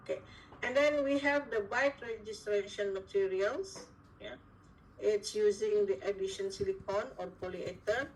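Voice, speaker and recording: Slow, halting Indonesian-accented woman lecturing. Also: mid-range voice, slight background noise. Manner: halting, frequent fillers and "yeah" tags. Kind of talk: academic lecture on dental materials. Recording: distant mic, faint room ambience.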